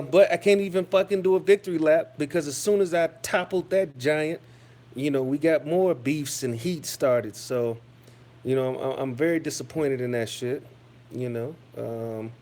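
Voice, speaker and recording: A man's voice: on the high side, warm tone. A man ranting casually to his viewers, profane and insulting, with many fillers and restarts. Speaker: YouTube commentator. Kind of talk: casual rant to camera.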